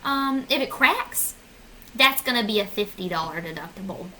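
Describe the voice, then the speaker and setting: A woman's voice: mid-range voice, animated, normal speed, sharp tone, slight background noise, poor audio. A woman voicing a cheerful female insurance phone agent in a sing-song manner. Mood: chirpy.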